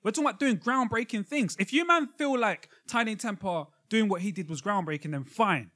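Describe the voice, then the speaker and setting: A man's voice: high voice, lively intonation, brisk, bright, forceful tone. Argumentative man in podcast banter. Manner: argumentative, presses with questions. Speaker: podcast co-host.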